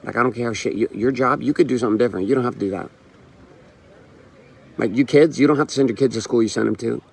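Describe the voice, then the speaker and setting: A man's voice: mid-range voice, fast talker, vocal fry, breathy edge. A man hosting a motivational show, speaking bluntly with profanity and hammering repetition, telling stories with quoted back-and-forth dialogue. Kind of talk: motivational monologue.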